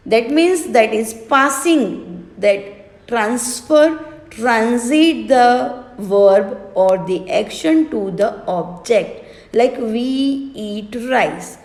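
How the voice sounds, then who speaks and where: A woman with an Indian English accent teaching English grammar, spelling words out letter by letter in a slow, deliberate way. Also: fairly high pitch, expressive, darkish tone. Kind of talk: recorded grammar lesson. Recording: echoey room with long reverb.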